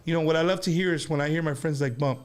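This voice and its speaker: Animated man hosting a chat show. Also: a little high, rapid-fire, clear, resonant tone. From United States. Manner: animated, rambling with restarts. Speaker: show host. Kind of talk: casual studio chat. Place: studio.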